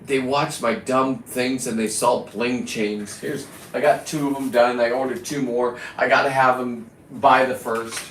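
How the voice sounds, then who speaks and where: A middle-aged male vlogger, crude and boastful, delivers a rambling casual monologue in a profane way. His mid-range voice is steady and fairly bright, a little slow with few pauses, recorded in an echoey room with roomy echo and a little hiss or hum.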